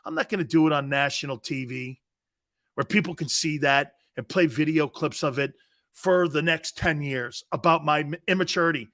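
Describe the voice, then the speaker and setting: A brash sports talk host rants in a loud, mocking style. His voice sits high for a man and has a bright, cutting edge. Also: moderate pace.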